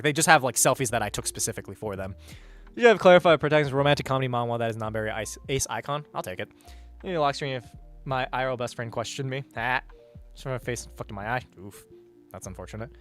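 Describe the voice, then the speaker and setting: Rambling man with a lively voice. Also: mid-range voice. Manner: rambling, hesitant, swears casually. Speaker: livestreamer reading chat. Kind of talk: casual livestream chat.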